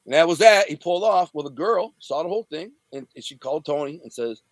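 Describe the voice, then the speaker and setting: A slightly high, animated male voice from the Detroit area, USA, moves fast on a dry recording. He is an interview guest telling a casual story, using profane street slang and acting out the scenes.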